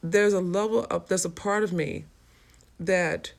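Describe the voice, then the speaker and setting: A woman's voice: fairly low pitch, fairly even intonation, unhurried, creaky. A woman hosting a casual livestream, frankly answering viewer comments in a streetwise way. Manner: frank and streetwise, swears freely. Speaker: livestream host.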